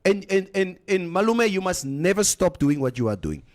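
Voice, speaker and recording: Animated radio host. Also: male voice, high voice, moderate pace. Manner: animated, slips into Afrikaans phrases. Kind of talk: casual chat, reading listener comments.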